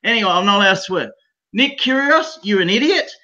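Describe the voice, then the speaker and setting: Brief: loud, profane Australian bloke calling in, bright high voice, muffled line. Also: male voice, expressive, fairly quick. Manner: rowdy, profane, rambling, says mate constantly. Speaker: call-in guest. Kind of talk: crude casual banter.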